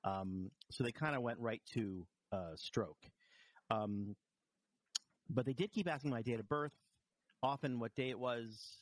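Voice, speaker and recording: A man's voice: mid-range voice, unhurried, pauses often, no echo. A man telling dry, self-mocking stories in a casual chat, stumbling over restarts as he goes. He is getting over a bout of vertigo. The sound is close and dry, with no room around it. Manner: wry storytelling with frequent restarts and self-deprecating humor. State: recovering from vertigo, a bit wobbly.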